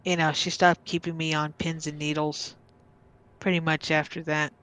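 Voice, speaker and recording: At normal speed and with a flat delivery, a woman guest whose low voice is a bit bright recounts a true childhood story. Her telling is casual and rambling, packed with fillers, and she performs the voices of the people she quotes.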